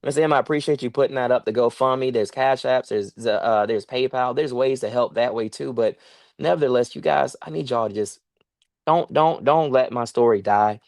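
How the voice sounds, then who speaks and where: A man's voice: medium pitch, moderate pace, vocal fry, darkish tone, no room sound. A man speaking as a guest on a livestream interview, earnest and pleading, repeating himself for emphasis over a video call. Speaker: guest, farmer and sanctuary owner.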